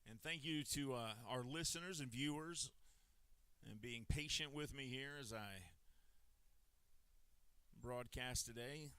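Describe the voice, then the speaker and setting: A man calling live baseball play-by-play in a steady, measured pitch-by-pitch manner. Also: clear, resonant tone, dry recording. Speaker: play-by-play announcer.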